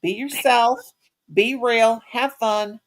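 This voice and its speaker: A woman's voice: a little high, steady tone, slow. A woman hosting a casual live chat, rambling in a folksy way and calling people "sugar" and "honey.". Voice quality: folksy, rambling talk with Southern-style endearments. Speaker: channel host.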